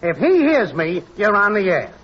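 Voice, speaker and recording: A man's voice: sits high, big pitch swings, moderate pace, fairly bright tone, breathy edge, lo-fi sound, exaggerated voice. An actor playing a brash, cocky male network technician in a 1940s radio comedy.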